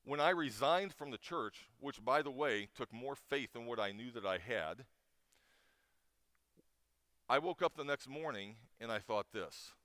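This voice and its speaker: A man's voice: mid-range voice, expressive, a little slow, a bit bright, dry recording, clean studio sound. A middle-aged man giving an informal chapel talk, telling a personal story with feeling and frequent restarts. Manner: emotional storyteller with many restarts. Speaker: chapel speaker.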